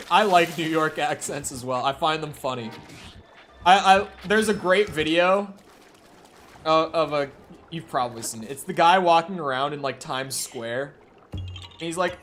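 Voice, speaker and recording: A man with a slightly high, fairly bright voice streams a game and chats casually with his viewers. He rambles, jokes and laughs often. He wears headphones and speaks into a headset or desk mic.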